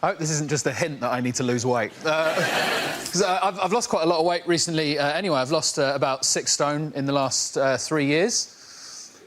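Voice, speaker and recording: A man from England doing a self-mocking stand-up routine that builds to shouted punchlines. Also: a little high, steady tone, moderate pace, background noise. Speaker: comedian.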